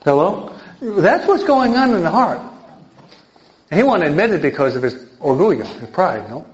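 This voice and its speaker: An older man, a priest teaching an adult catechism class in a lively sermon style, emphatic and often checking in with his listeners. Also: a little high, normal speed. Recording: dull lo-fi recording.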